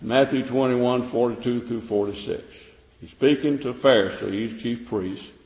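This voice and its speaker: A man's voice: mid-range voice, unhurried, a little mellow. A man preaching a sermon in plain, repetitive speech, reading King James verses aloud. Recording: echoey hall, dull lo-fi sound.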